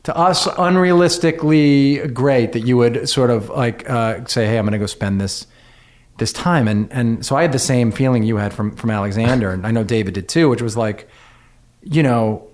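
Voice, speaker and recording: Earnest, halting middle-aged host. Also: male voice, mid-range voice. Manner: earnest, halting, many restarts. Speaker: podcast host. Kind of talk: conversational interview.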